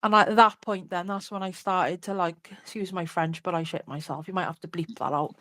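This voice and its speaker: A woman's voice: fairly low pitch, steady tone, brisk, fairly bright tone. A woman, an interview guest candidly recounting a personal story in a chatty way, full of "like" and "you know".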